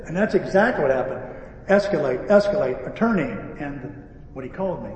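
Animated preacher man telling a story. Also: fairly high pitch, a little fast, a little hiss or hum. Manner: animated storytelling with acted-out dialogue. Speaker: pastor and repair-shop owner. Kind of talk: sermon. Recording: echoey hall, voice from far off, faint ambience.

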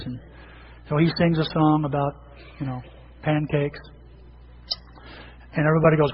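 A middle-aged pastor preaches a sermon in a church sanctuary, using a high, easy storytelling voice that is steady and moderately paced, with long pauses, and he slips into the voices of people he quotes. The large church gives a long reverb tail, and the muffled, dull recording has a faint hiss beneath it.

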